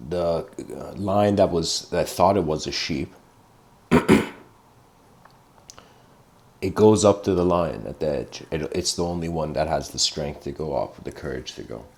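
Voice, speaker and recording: Male lecturer with a very low voice who rambles through a parable and clears his throat often. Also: unhurried, pauses often, a little mellow. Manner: meandering storytelling, frequent throat clearing. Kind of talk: livestreamed philosophical lecture.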